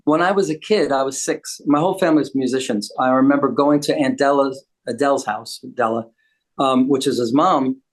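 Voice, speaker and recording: A man's voice: medium pitch, fairly quick. A joking older man from the United States, talking casually as a guest. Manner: joking, wisecracking. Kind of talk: casual chat.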